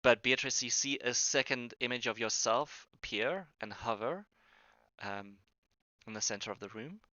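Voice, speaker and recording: A man runs a tabletop game on a voice call, his voice bright and forward. He stumbles through ums and restarts as he works out the rules. The audio is dry and a little dull. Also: mid-range voice, moderate pace, dry recording. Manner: hesitant, lots of ums and restarts. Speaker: game master. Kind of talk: running a tabletop game over voice chat.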